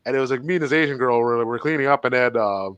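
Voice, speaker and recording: A man's voice: medium pitch, fast talker, fairly bright tone, clean tone, no room sound, muffled recording. A man, co-hosting a casual comedy podcast, telling rambling stories full of swearing. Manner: rambling storyteller, swears a lot, laughs through stories. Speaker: podcast co-host. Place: Montreal.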